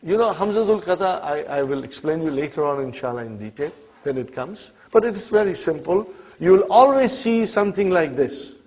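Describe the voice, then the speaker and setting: A man's voice: fairly high pitch, expressive, a little fast, darkish tone, slight background noise. A man teaching an Arabic class, quizzing students with short "huh?" prompts and explaining each example. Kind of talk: classroom lesson. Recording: dull lo-fi classroom recording.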